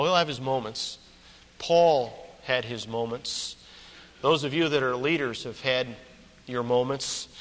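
Preacher with ringing hall reverb. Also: male voice, fairly high pitch, a bit bright. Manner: emphatic, repeats key phrases for effect; storytelling with quoted characters. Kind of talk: sermon.

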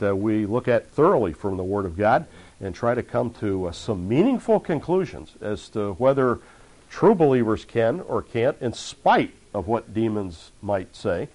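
A man preaching at a conference seminar, earnest and measured, with frequent fillers between phrases. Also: lowish voice, a little mellow. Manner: earnest, reads accounts aloud with rising intensity. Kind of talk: conference sermon lecture.

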